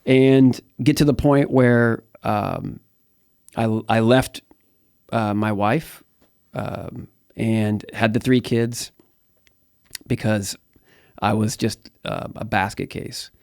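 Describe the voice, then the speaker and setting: A man's voice: fairly low pitch, fairly even intonation, slow pace, pauses often, a little mellow, smooth, no room sound, clean studio sound. A middle-aged man from the United States telling his life story as an interview guest, candid and rambling, with many fillers and restarts. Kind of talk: personal testimony in conversation.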